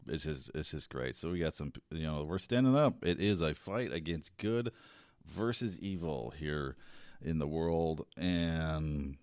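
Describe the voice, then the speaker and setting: A man hosting his own show, talking casually in a rambling, halting way with restarts. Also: a bass voice, lively intonation, a little mellow, clear, resonant tone, dry recording, clean studio sound. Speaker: podcast host. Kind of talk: casual solo commentary.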